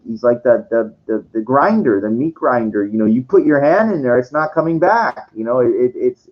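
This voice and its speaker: A man vlogging in a rambling monologue, swearing often and restarting his sentences over and over with lots of fillers. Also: mid-range voice. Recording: dull lo-fi recording.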